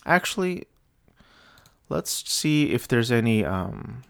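A young man talking alone on his show, hesitant and apologetic, sounding low and despondent with many restarts. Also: very animated, slow pace, vocal fry, fairly bright tone, dry recording, clean studio sound. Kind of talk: rambling solo commentary.

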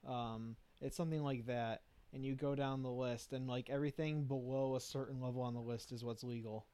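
A man's voice: mid-range voice, steady tone, fairly quick, warm tone, clean tone. Man, casual rambler, filler-heavy everyday chat.

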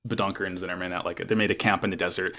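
A man's voice: sits low, little pitch movement, racing, pushed and bright. A man in casual chat recapping an anime episode as a podcast co-host, rambling with restarts and frequent swearing.

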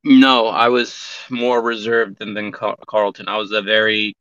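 A man's voice: fairly low pitch, monotone, measured pace, crowd noise. A man in a casual podcast chat, talking candidly and profanely, rambling through many restarts. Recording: dull lo-fi recording.

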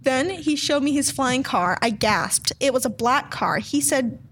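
A woman's voice: high voice, expressive, unhurried, a bit bright, slight background noise. A woman doing a comedic dramatic reading of a fan fiction, often breaking into giggles.

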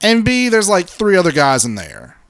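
Profane, animated man telling a story. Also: sits high, moderate pace, dry recording. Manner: profane, animated, acts out quotes. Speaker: podcast co-host. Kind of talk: casual storytelling chat.

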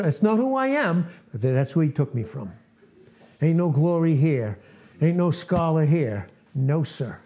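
A man's voice: on the high side, dark tone. A man in his late sixties preaching an informal, earnest sermon to a small fellowship, often laughing at himself. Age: 60s.

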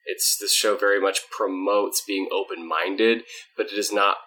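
A man's voice: fairly low pitch, level tone, normal speed, bright, forceful tone. A man co-hosting a casual podcast, joking about himself, then explaining topics earnestly. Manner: joking, self-mocking, turns earnest when explaining. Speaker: podcast co-host.

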